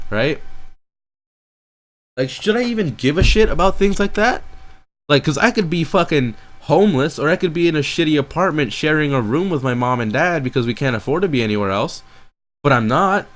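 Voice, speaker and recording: A teenage boy delivering a frustrated, rambling venting monologue, swearing constantly as he talks himself in circles. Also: on the high side. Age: teens. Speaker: streamer.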